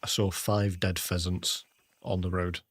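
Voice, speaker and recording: A man's voice: deep voice, little pitch movement, measured pace, background noise. An English man chatting casually with viewers while livestreaming a hunting game, often calling them mate. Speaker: gaming livestreamer.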